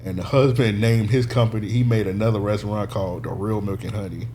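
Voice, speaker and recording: A man's voice: fairly low pitch, fairly even intonation, fast, dark tone, a little hiss or hum. A man on a casual podcast, telling a long story, swearing freely and laughing as he goes. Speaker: podcast co-host. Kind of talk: casual chat.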